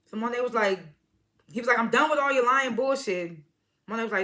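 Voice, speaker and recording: A woman's voice: on the high side, fairly quick, pauses often, sharp tone. A woman giving a casual episode recap, retelling scenes by quoting the characters in slangy talk and laughing often. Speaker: TV episode reviewer.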